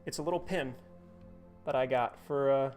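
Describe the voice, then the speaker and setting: A male live streamer talks loosely to his chat, full of restarts and filler words, at an ordinary middle pitch. Soft music plays faintly underneath his voice. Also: moderate pace. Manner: rambling, chatty, many fillers and restarts.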